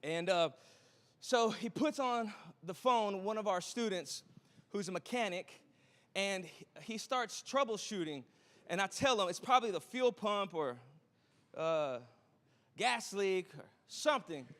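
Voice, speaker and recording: A man, preaching a sermon as a pastor, chatty and joking with quick asides to the congregation. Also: sits high, lively intonation, fairly bright tone. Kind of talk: sermon with a storytelling opening. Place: church auditorium. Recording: long hall reverb.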